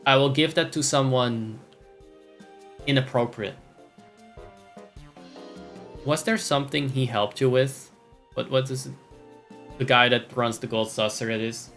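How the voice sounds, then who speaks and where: A man's voice: medium pitch, fairly even intonation, moderate pace, long pauses, a bit bright, faint music behind. A man streaming a game, making sardonic, profane asides and reading the game dialogue aloud. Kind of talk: casual gameplay commentary.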